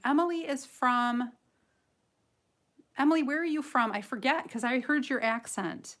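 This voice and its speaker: A woman's voice: high-pitched, measured pace, long pauses, a bit bright. A woman from Michigan with a slight nasal Michigan accent, chatting casually and giggling as she hosts a live coloring tutorial. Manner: chatty, giggly, self-deprecating, rambling. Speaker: livestream host and coloring artist.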